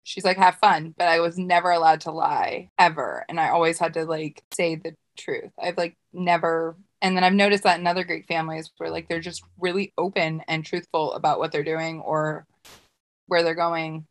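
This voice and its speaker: A woman's voice: low voice, fairly even intonation, normal speed. A woman from the United States co-hosting a podcast, talking enthusiastically and often repeating words. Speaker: podcast co-host. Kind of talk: casual chat.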